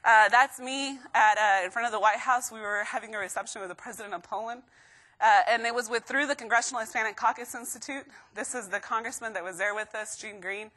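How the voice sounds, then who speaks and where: Woman motivational speaker, bright tone, slightly high voice, lively storytelling, live student audience. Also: fast. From Texas, USA. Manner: lively storytelling with acted quotes and laughs.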